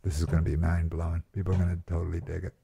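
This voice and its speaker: A male actor, a guest chatting casually in a flat, relaxed and rambling with many fillers. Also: low voice, racing, vocal fry, slightly rough. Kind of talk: casual interview chat. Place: host's flat.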